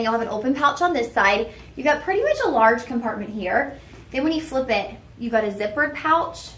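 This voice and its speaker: A young woman hosts a live shopping show in a chatty, self-teasing way, talking straight to her viewers. Her voice sits a little high. The studio sounds roomy, with a faint hiss underneath. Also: fairly bright tone. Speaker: shopping channel host.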